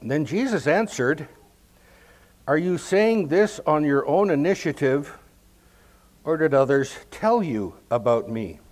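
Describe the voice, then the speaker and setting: A man teaching scripture verse by verse, in a slightly high voice for a man. He takes his time, laying out each point slowly and leaning hard on the words that matter. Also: lively intonation, darkish tone. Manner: measured, explanatory, emphatic on key words. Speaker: Bible teacher.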